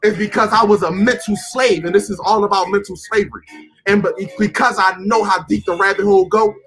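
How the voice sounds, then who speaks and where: A man's voice that sits high and sharply bright, surging into shouts as he drives his point home. His talk is profane, loaded with repetitions and rhetorical "huh?" asides, with faint music underneath. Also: a little fast. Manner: fiery, shouting, profane, repeats himself; calmer, lower and quieter. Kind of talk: impassioned monologue.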